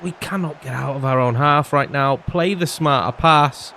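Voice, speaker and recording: A man's voice: medium pitch, moderate pace, a little hiss or hum. A young man, commentating his own football video game and ranting in frustration. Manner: animated, exasperated ranting. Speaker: gaming YouTuber. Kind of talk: gameplay commentary.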